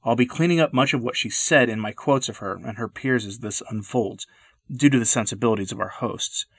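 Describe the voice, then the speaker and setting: A man's voice: mid-range voice, fairly quick, husky, no room sound. Earnest man reading commentary, dry close mic. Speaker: podcast host. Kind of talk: scripted commentary read aloud.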